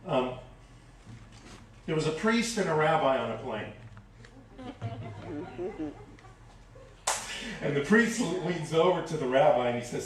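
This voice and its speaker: A man minister giving a sermon in a lively, folksy storytelling manner. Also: fairly high pitch, unhurried, pauses often. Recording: very echoey hall, distant mic, faint room noise.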